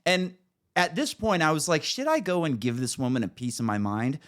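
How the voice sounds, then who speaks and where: A man's voice: a little high, huge pitch swings, brisk. A man hosting a podcast, telling a story in a casual, profane, rambling way with frequent restarts. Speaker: podcast host.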